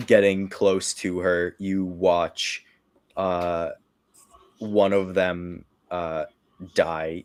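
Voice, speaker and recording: A man narrating a tabletop game as game master, in slow, halting narration full of fillers. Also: low-pitched.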